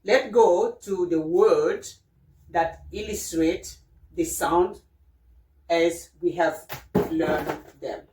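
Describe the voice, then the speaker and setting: Slow-talking woman w/ running a lesson, a bit far from the mic in a roomy space. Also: fairly low pitch, a little mellow, slight background noise. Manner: patient, repeats sounds, checks in with "okay?". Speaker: French teacher. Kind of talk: casual spoken lesson. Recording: roomy, voice from a distance.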